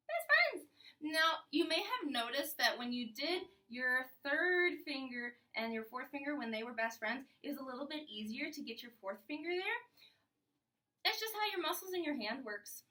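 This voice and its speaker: Young female string teacher, upbeat and playful, bright tone, recorded from a distance. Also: sits high. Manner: upbeat, playful, talks to kids. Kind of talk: casual video lesson.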